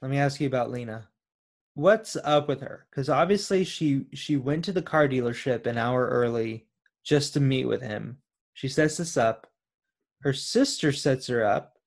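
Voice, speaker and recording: A man's voice: mid-range voice, normal speed, gravelly. Inquisitive man laying out a film theory. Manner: inquisitive, builds up theories with hesitant fillers. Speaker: podcast co-host. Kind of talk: casual film discussion.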